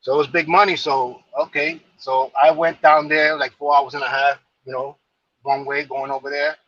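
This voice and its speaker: A man's voice: fairly high pitch, level tone, normal speed, a bit bright, muffled recording. A man from New York casually telling a long, rambling story, full of fillers and repeated phrases.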